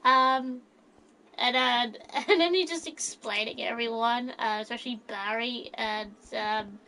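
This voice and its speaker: A woman's voice: on the high side, unhurried, bright, forceful tone, rough recording. A woman casually telling an imagined story plot, hesitant with many fillers and frequent giggles.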